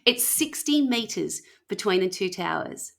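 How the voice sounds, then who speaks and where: A woman hosting a podcast, telling a story in casual chat with animated, laughing delivery. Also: mid-range voice, unhurried, vocal fry.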